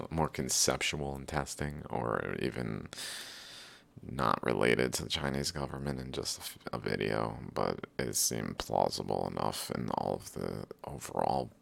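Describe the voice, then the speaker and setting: A man's voice: a bass voice, creaky, a bit bright, no room sound. A man hosting a reaction video, talking casually over clips, swearing a lot and sounding incredulous. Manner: profane, incredulous, laughs often.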